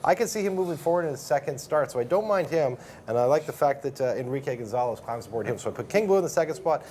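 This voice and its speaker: A man's voice: medium pitch, expressive, a little mellow, a little hiss or hum. A man casually talking through horse racing picks as a handicapper, rattling through each horse's form. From Canada. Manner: quick, conversational, fast breakdown of form.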